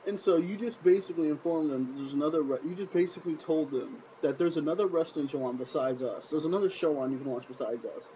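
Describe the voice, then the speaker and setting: A man giving a casual solo wrestling review, animated and repetitive, full of sarcastic rhetorical questions. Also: fairly high pitch, fast, few pauses, slight background noise, rough recording.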